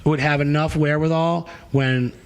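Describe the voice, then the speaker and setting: The voice is a little high and resonant, clear but on a low-quality recording, at a moderate pace. This hardcore singer, appearing as a podcast guest, relates a lengthy story casually, cursing freely and performing other people's lines with gusto.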